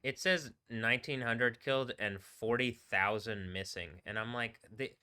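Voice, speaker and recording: Bright, crisp-voiced rambling man. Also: mid-range voice. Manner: rambling, halting, trails off and restarts words. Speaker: live streamer. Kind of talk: casual rambling livestream talk.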